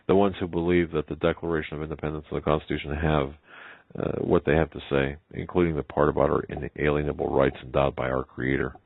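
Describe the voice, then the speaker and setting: Man, very deep gravelly voice, emphatic preacher-like host, tinny phone line. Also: no room sound. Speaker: radio host. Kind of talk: reading a story and preaching.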